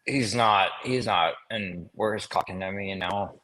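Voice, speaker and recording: A man's voice: lowish voice, unhurried. A man in his thirties who co-hosts a casual sports chat show, telling stories about his playing days with lots of laughter. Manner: laughing storyteller, animated anecdotes. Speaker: co-host, former player.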